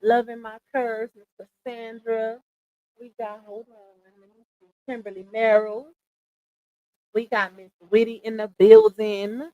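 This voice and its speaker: Her voice sits on the high side, flat and unhurried, captured in a dry, dull recording. Hosting a casual livestream, she greets and thanks viewers by name with chatty, warm shout-outs and laughs.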